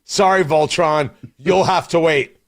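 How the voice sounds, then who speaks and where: A man's voice: fairly high pitch, fairly even intonation, a little slow. A man hosting a morning radio show, bantering in a teasing, mock-outraged way. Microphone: studio mic.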